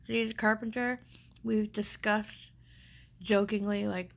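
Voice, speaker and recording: A woman's voice: medium pitch, moderate pace, creaky, husky, rough recording. A middle-aged woman vlogger speaking without teeth, telling a personal story in an emotional, rambling way that often drops to a whisper.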